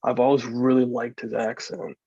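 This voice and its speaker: Flat, husky American man. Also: medium pitch, normal speed, no echo, lo-fi sound. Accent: American, East Coast. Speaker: podcast host. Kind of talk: casual chat.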